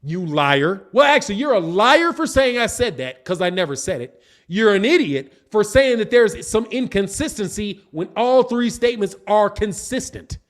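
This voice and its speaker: A man's voice: high voice, lively intonation, moderate pace. A man hosting a boxing channel livestream, answering the chat in a combative, repetitive way. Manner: combative, repetitive, insults critics.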